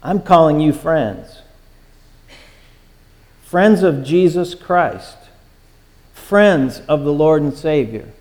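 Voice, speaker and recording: A man's voice: a little high, a little mellow, big-room sound. A man preaching a sermon as pastor, earnest and emphatic, with many filler "uh"s.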